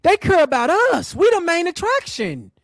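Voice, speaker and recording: A man's voice: very high voice, huge pitch swings, normal speed, no room sound, rough recording. A man hosting a live reaction stream, talking casually and mocking the clip he answers. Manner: mocking, talks back at the clip. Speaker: livestream host.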